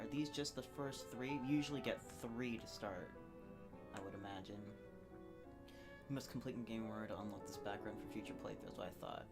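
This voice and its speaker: A rambling, chatty streamer at home on a couch, reading game text aloud between casual asides. The voice sits at a middle pitch. Music plays clearly underneath the talk. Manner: rambling, chatty, frequent fillers and self-asides.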